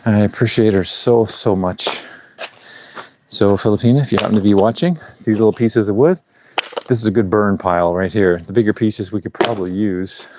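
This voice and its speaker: At a normal speed and with a steady tone, a fairly low-voiced middle-aged man chats live from a rural building site outdoors. His talk rambles, broken up by chuckles; he wears a clip-on mic, and background noise is audible.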